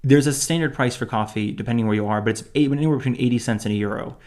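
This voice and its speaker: A man's voice: medium pitch, rapid-fire, a little mellow. A young man co-hosting a casual chat, rambling with many restarts and fillers. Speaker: podcast co-host.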